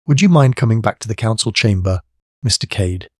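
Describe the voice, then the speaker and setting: A man reading a steady, shrewd police superintendent. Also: lowish voice, no room sound, studio quality. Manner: measured, steady and quietly firm.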